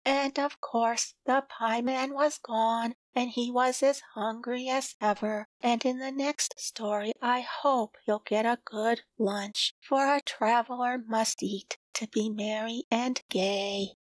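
Slow gentle woman storybook reader. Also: fairly high pitch, fairly even intonation, no echo, low-quality recording. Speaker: audiobook reader. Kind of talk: storybook narration.

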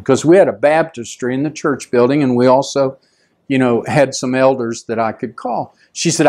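A man's voice: a little fast, a little mellow. A middle-aged male pastor, preaching conversationally and acting out the people in his story. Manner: conversational, acts out quoted voices with rising pitch. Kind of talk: storytelling sermon.

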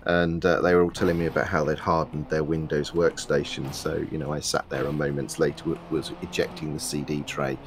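A man in casual chat, recalling an office story with pauses and fillers. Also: a bass voice, flat delivery, background noise. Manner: halting, many fillers. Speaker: stream guest.

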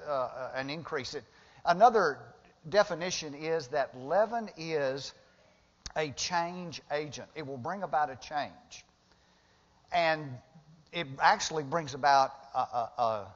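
A male pastor preaching from the pulpit with a somewhat high voice, easygoing and conversational, then lifting into emphatic bursts. His voice carries a long church echo, and the recording sounds muffled and lo-fi. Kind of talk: sermon. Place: church sanctuary. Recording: dull lo-fi sound with long hall reverb.

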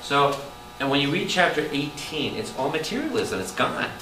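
A man, a priest, preaching a Bible study to a congregation, animated and calling out questions to the room. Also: fairly high pitch, moderate pace. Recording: roomy hall taped from a distance with noise.

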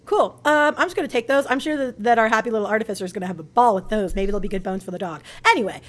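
A woman's voice: mid-range voice, rapid-fire. A woman playing a tabletop character in a sweary, giggly way. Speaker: player. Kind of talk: tabletop role-play.

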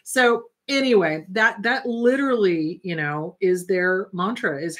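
A woman's voice: medium pitch, measured pace, hardly any pauses, fairly bright tone. A middle-aged woman therapist hosting her own advice show, talking bluntly and emphatically to viewers and often acting out what others say. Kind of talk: direct-to-camera advice talk.

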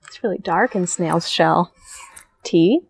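A young woman who works as a children's librarian, reading a picture book aloud in a friendly, gentle, teacher-like way. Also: mid-range voice, animated, normal speed. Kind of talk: storytime read-aloud for children.

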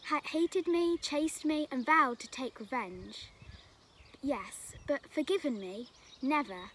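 A woman voicing a big, rough male robber in a children's story, loud and then humbled. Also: sits high, slow. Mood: bewildered.

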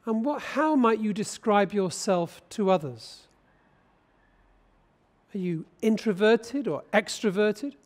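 A British bishop delivers a sermon in a church, his voice sitting high for a man. He speaks in an easy, conversational way, often turning to ask his listeners questions. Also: darkish tone. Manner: conversational, asks the congregation questions. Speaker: bishop preaching.

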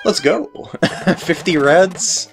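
A woman's voice: fairly low pitch, extremely slow, soft background music. Giggly woman narrating her gameplay. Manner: giggly, self-mocking, exclaims at the game. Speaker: let's play host. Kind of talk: gameplay commentary.

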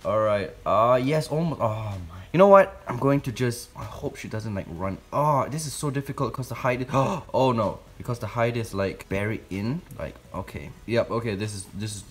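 A man with a fairly low voice talks fast and nervously as he handles a pet spider. He keeps up a jumpy, excitable patter, coaxing the animal and calling out to his viewers. The sound comes from a phone recording in a room at home. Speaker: tarantula keeper vlogger. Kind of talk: casual vlog narration. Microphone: phone camera.

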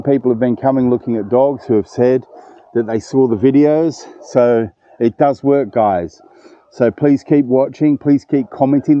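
A man's voice: mid-range voice, no echo, highs cut off. A man in his fifties vlogging casually outdoors at a dog kennel, chatty and emotional. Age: 50s. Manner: emotional, chatty, warm-hearted. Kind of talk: casual vlog talk to camera.

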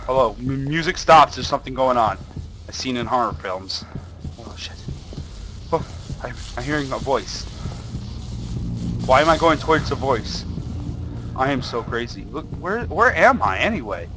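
A man's voice: mid-range voice, animated, moderate pace, pauses often, background noise. A young man playing a horror game, talking to viewers through a headset, jumpy and swearing under his breath as he goes. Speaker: gaming video host. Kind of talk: horror game let's play commentary.

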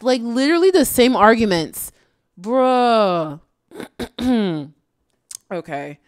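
A woman's voice: on the high side, expressive, slow, pauses often, smooth, dry recording, studio quality. A woman giving casual, exasperated reaction commentary, slangy and tired late at night. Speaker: YouTube commentator.

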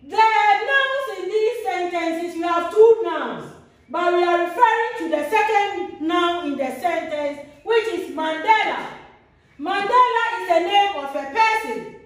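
A woman teaching a grammar lesson, repeating each example slowly with a sing-song lilt. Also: very high-pitched, lively intonation. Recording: very echoey room, voice far from mic.

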